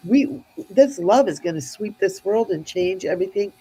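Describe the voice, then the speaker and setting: A woman's voice: medium pitch, lively intonation, normal speed, warm tone, breathy edge, rough recording. A woman telling a spiritual story in an earnest, heartfelt way, often restarting her sentences.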